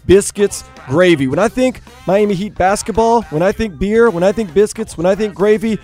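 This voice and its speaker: A man hosting a radio best-of show, reading segment links in a smooth announcer delivery. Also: high-pitched, warm tone. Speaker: radio host.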